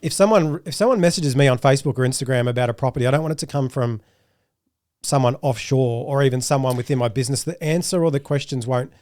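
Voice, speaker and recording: A man's voice: medium pitch, fast talker, darkish tone, dry recording, clean studio sound. A man hosting a podcast, chatting casually and joking with his guest. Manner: chatty, jokey. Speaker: podcast host. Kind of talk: casual chat.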